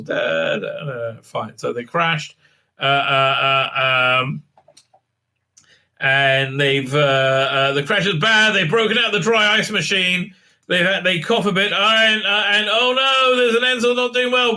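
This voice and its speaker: Man, slightly high, bright and forceful voice, sarcastic rambling recap host from Israel. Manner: rambling, many fillers and restarts, sarcastic. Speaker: TV show reviewer. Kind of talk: casual recap with mocking impressions.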